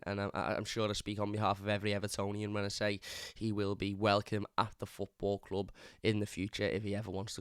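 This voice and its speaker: A man's voice: on the low side, smooth, no echo, studio quality. A man hosting a fan channel, giving casual, opinionated football talk in a conversational way, often repeating words as he thinks.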